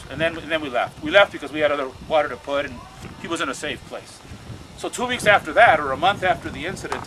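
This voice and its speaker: Guy giving a passionate speech outside, stumbles and repeats words, noisy outdoor recording. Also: fairly high pitch. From United States. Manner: storytelling, repeats words, urgent. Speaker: activist speaking at a rally.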